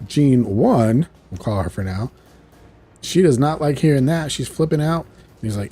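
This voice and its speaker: Man, casual reviewer, chatty, mellow voice, a bit husky. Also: mid-range voice, animated, normal speed. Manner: chatty and loose, with frequent fillers and laughs. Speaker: video reviewer. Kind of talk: casual recap of a cartoon episode.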